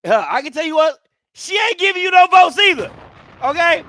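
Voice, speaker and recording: A man's voice: extremely high pitch, sing-song, normal speed, sharp tone, no echo, studio quality. A man hosting a live reaction stream, talking in a blunt, slangy, joking way with lots of energy. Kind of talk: casual live reaction commentary.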